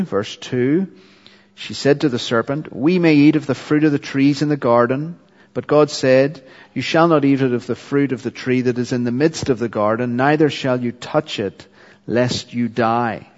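A man preaching an expository sermon, teaching earnestly with filler ums and the odd dry aside. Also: mid-range voice. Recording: dull, lo-fi hall recording.

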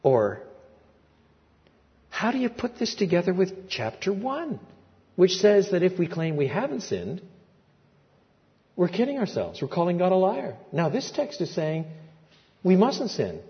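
An older man preaching a sermon, telling a story with lively swings between quiet asides and loud, emphatic peaks. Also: sits high, a little slow, long pauses. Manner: animated storytelling with big swings in loudness. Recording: muffled recording in a large reverberant hall.

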